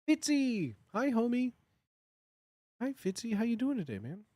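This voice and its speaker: A man's voice: extremely high pitch, sing-song, unhurried, a little mellow, dry recording, clean studio sound. A man chatting casually on a live stream, nervous and muttering to himself between fillers. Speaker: livestreamer.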